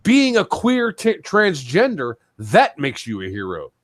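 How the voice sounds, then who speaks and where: A man with a fairly high voice rants on a talk show, swinging up and down in pitch as he gets worked up. He swears loudly and pushes his voice higher when angry. The sound is dry and close. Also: wildly swooping pitch, unhurried, no echo. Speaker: show host. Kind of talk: heated casual talk-show rant.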